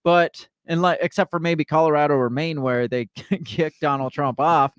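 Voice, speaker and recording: Podcast co-host, man, slightly high voice, animated political chatter. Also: normal speed, smooth, no room sound, clean studio sound. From Midwest US. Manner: animated, reads news articles aloud. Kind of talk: casual political chat.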